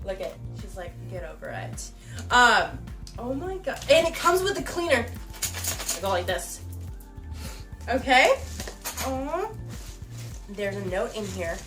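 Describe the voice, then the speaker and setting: Gushing high-voiced woman unboxing. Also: very animated, slow pace, pauses often, music in the background. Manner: gushing, exclamatory, giggly. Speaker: YouTuber unboxing a gift. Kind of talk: casual emotional unboxing chat. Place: home recording with someone filming. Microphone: camera mic, person filmed by someone else.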